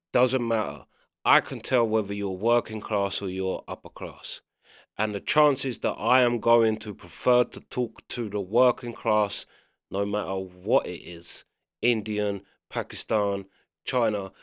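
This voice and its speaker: An English man gives casual, chatty commentary while reacting to clips, constantly asking "do you know what I mean." His voice is on the low side and a bit bright, with a clean tone in a dry, clean studio recording.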